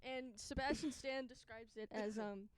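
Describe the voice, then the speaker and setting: High-voiced giggly woman chatting. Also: steady tone, moderate pace, background noise. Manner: giggly, stubbornly telling a story. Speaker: podcast co-host. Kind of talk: casual chat.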